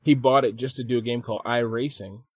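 A man co-hosting a casual podcast chat, swearing freely and telling animated stories. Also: mid-range voice, fast, slightly rough, no room sound. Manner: profane, animated storytelling with mimicked voices. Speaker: podcast co-host.

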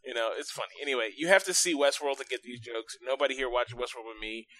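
A man co-hosting a podcast, telling stories in an animated way and laughing often. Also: medium pitch, fast talker, poor audio. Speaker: podcast co-host. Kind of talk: casual podcast chat.

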